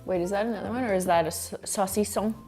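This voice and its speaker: A woman's voice: mid-range voice, quick pace, a little mellow, soft background music. A woman hosting a casual live-stream cooking chat from her kitchen, playful and giggly. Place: home kitchen.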